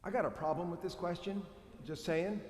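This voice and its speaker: Male priest, slightly high voice, playful sermon delivery that acts out quotes; roomy church reverb. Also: normal speed. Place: church sanctuary. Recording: echoey church with long reverb.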